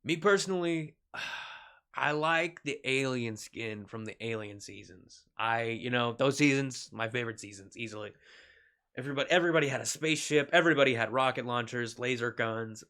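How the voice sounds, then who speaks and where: A man streaming a shooter game in casual, jokey commentary, swearing freely and laughing often, with excited yelps when the game turns. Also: medium pitch, normal speed.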